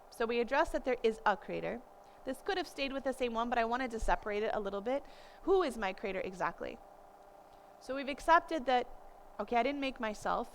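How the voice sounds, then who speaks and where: Woman, 30s, higher-pitched, parenting teacher, animated storyteller, faint noise behind. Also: rough recording. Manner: animated storytelling, acts out quoted voices. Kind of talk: conversational lecture.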